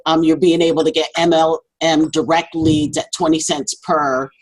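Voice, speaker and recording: A woman with a notably low-pitched voice speaks up on a conference call. She explains herself haltingly, with fillers and apologetic asides. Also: flat delivery, low-quality recording. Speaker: meeting participant.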